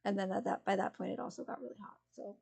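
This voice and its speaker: A woman's voice: medium pitch, fairly even intonation, quick pace, gravelly, darkish tone, breathy edge. A woman streamer chatting casually with her viewers, rambling and giggling, full of fillers and restarts. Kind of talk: casual chat with live chat.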